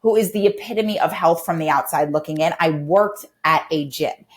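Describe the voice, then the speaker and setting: A woman in her thirties speaks as a podcast guest, with a voice that sits a little low for a woman. She tells her story candidly and animatedly, slipping into little acted-out voices and growing emotional. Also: normal speed.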